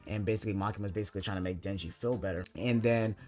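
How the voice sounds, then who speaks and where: A man's voice: fairly low pitch, racing, darkish tone, soft background music. A young man recapping an anime plot in casual commentary, rambling with constant filler words. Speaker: anime video essayist.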